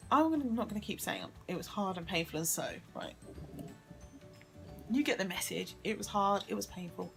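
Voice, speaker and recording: A woman's voice: medium pitch, creaky. A woman, telling a tired, emotional personal story as a vlogger. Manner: weary, emotional recounting with sighs and self-correction. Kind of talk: tearful personal storytelling vlog.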